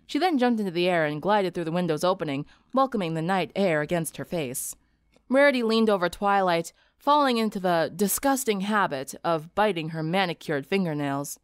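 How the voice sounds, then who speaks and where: A woman narrating a story for an audiobook in an expressive storytelling manner. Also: on the low side, moderate pace, clear, resonant tone, no room sound, clean studio sound. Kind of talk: audiobook narration of fan fiction.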